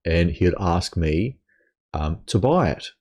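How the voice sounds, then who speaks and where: A man's voice: deep voice, expressive, slow pace, a little mellow, slightly rough. A young man hosting a gaming channel, delivering an angry personal rant full of swearing, stammered restarts and repeated words.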